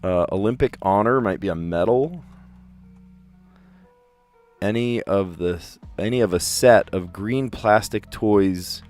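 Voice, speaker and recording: A deep-voiced man talks his way through word puzzles on a casual livestream, musing out loud and tossing in amused little asides. Soft music plays faintly behind him. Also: measured pace, pauses often. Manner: chatty, thinks aloud, self-amused asides. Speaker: teacher and puzzle livestream host.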